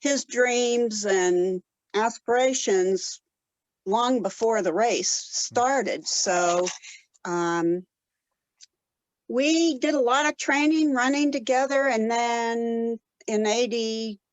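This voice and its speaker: A woman in her seventies from Colorado, telling stories in a casual interview with many pauses and fillers. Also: on the high side, no echo, rough recording. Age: 70s. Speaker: guest, ultrarunner.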